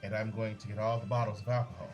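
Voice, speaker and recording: A player in a tabletop game, talking briskly and playfully. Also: mid-range voice, level tone, music in the background. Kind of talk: tabletop role-play.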